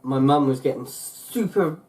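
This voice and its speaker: A man's voice: medium pitch, measured pace, darkish tone. A young man from England talking casually on his vlog, rambling with lots of fillers and restarts. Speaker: YouTuber.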